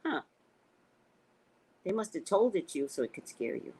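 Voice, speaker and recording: An American woman hosting a casual livestream, chatting with viewers and telling stories in a playful, profane, animated way. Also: moderate pace, breathy edge, poor audio. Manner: animated storytelling with sharp pitch jumps, profane and playful. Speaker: psychic and livestream host. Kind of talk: casual livestream chat reading comments.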